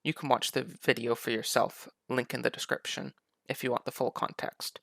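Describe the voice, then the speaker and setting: A man's voice: mid-range voice, fairly even intonation, moderate pace, creaky, a bit bright, no room sound, clean studio sound. A man giving sarcastic, mocking political commentary over video clips. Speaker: commentary YouTuber.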